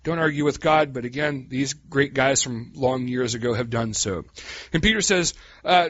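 A man preaching a sermon in a folksy, animated way, calling his listeners "guys" and swinging from quiet asides to loud cries. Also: medium pitch, moderate pace, no echo, lo-fi sound.

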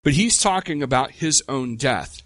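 Middle-aged man preaching, casual and emphatic, mid pitch, dry close recording. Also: animated, fairly bright tone, no room sound. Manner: conversational, rhetorical questions, slow emphatic pauses. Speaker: pastor. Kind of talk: sermon.

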